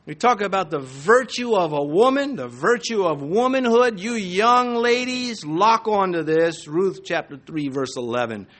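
Animated preaching man, high and lively. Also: measured pace, hardly any pauses. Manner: animated preaching with jokes and asides. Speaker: pastor. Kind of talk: sermon.

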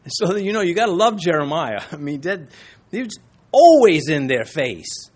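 A man's voice: a little high, very animated, moderate pace, a little mellow. A middle-aged male pastor preaching a sermon in a conversational way, with chuckles and asides.

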